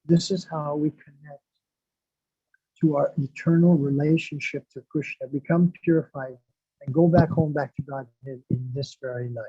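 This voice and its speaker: A devotional speaker with a warm, breathy, fairly high male voice gives a sermon, repeating phrases for emphasis and reciting Sanskrit verses. The recording is dull, lo-fi and dry.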